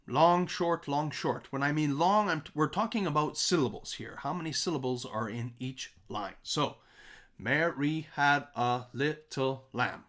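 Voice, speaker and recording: A man's voice: fairly high pitch, moderate pace, few pauses, fairly bright tone. A man teaching a recorded music lesson, chanting nursery rhymes as examples and checking in with "okay?" and "right?".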